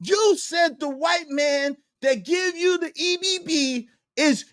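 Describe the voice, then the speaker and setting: A man hosting a livestream, ranting in a heated, animated way and repeating his points. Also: very high-pitched, slow pace, hardly any pauses, dry recording, studio quality. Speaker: livestream host.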